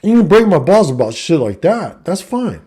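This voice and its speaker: A man's voice: high-pitched, very animated, normal speed, darkish tone, breathy edge. A middle-aged man telling a story in a blunt, profane, casual rant. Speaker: vlogger and coach.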